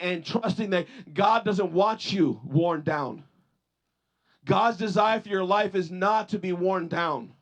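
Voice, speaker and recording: High-voiced storytelling male pastor. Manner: storytelling, many repeated "and, and" restarts; rises in pitch and force on points of emphasis. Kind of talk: sermon.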